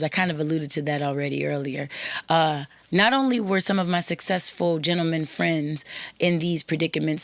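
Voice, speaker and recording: A woman's voice: fairly low pitch, dry recording. A young woman hosting a podcast monologue, speaking earnestly and directly, sometimes dropping to a whisper for emphasis. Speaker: podcast host.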